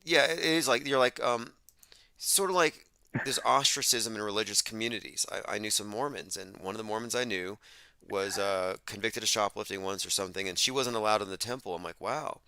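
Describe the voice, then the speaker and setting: A man hosting a talk radio show, sardonic and lecturing, with a bright, forceful voice that sits a bit low. The sound is close and dry, with no room around it. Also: brisk, clear, resonant tone, no room sound. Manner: sardonic, lecturing, talks over his guest. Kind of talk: casual call-in radio talk.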